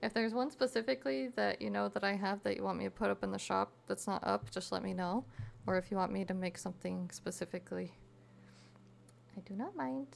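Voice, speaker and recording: A woman's voice: mid-range voice, steady tone, fast talker, creaky. A young woman streamer chatting casually with her viewers while crafting, reading chat aloud and giggling often.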